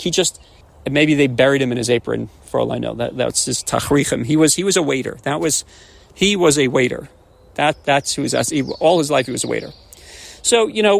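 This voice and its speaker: Man, 40s, rabbi, podcast storyteller, animated, gravelly, restarts words. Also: fairly high pitch. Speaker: rabbi and educator.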